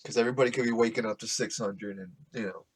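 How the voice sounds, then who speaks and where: A man's voice: on the low side, fairly even intonation, quick pace, breathy edge. A man hosting a podcast, ranting casually in a profane, rambling, sarcastic way. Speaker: podcast host. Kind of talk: casual rant.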